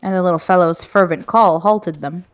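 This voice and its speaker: A woman reading the lines of a gentle male former god turned mortal, in an earnest, measured way. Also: high voice, close to an everyday voice. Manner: earnest, measured game dialogue read aloud.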